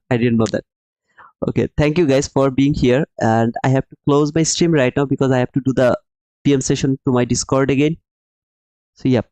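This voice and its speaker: On his live trading stream, this host answers the chat and calls viewers "brother," repeating his points as he makes his case about the market with real emphasis. His mid-range voice is a little mellow, and the recording is rough though echo-free.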